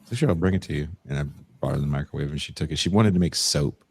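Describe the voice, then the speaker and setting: Rumbling low and darkish, with a breathy edge, this young man talks fast. He co-hosts a podcast, telling stories in loose conversation, cursing freely and voicing the characters in them.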